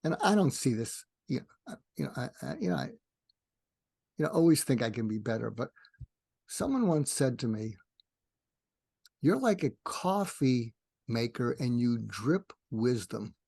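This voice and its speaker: A man's voice: sing-song, normal speed, vocal fry, long pauses, darkish tone, breathy edge, dry recording, studio quality. Older man telling stories with restarts. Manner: rambling with frequent restarts, acts out dialogue with rising pitch. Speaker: psychiatrist guest. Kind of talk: animated storytelling in a podcast interview.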